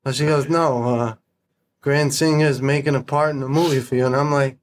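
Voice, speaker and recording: A man's voice: medium pitch, a little fast, slight background noise. Blunt, profane storytelling man. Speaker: podcast guest. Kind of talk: casual storytelling.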